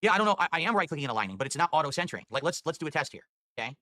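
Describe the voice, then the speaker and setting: A male livestreamer chatters at a very fast clip, exasperated and swearing as he goes. His voice is bright, a touch high and sing-song, and it sounds dry and close with no echo.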